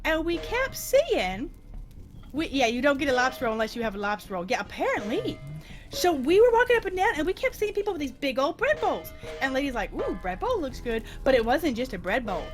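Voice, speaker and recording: A woman with a high voice tells a long story to friends during a game stream. She talks in an animated, giggly way, her pitch swinging widely, with frequent restarts as she rushes ahead. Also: soft background music. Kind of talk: casual storytelling chat during gameplay.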